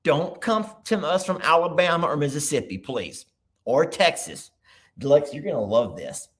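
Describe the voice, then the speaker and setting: A man hosting a casual livestream from his computer, chatting loosely and thinking out loud as he goes. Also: on the high side, expressive, moderate pace. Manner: rambling, chatty, thinks aloud. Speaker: livestream host. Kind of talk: casual live chat.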